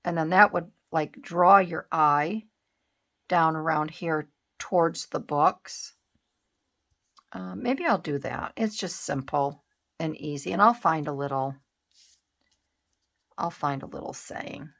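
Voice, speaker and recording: A woman's voice: low-pitched, slow, creaky, long pauses, fairly bright tone. A middle-aged woman vlogging in casual chat while making a collage, rambling with many fillers and restarts.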